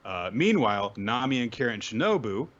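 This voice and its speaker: A man hosting a podcast, casually recapping comics with animated storytelling. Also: medium pitch, fairly quick, muffled recording. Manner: animated storytelling, often acting out quotes. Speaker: podcast host.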